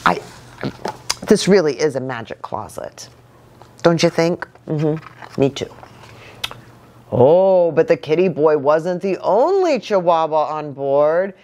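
A woman pastor reading a picture book aloud to children, an animated and playful storyteller. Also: sits low, takes it slowly, pauses often.

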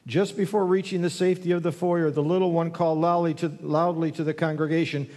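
A man's voice: on the high side, flat delivery, brisk, hardly any pauses, a little mellow. Male guest preacher, folksy and joking, builds to fervent calls; church with long reverb. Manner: folksy, joking, then rising in fervor. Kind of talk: sermon with jokes. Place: church sanctuary.

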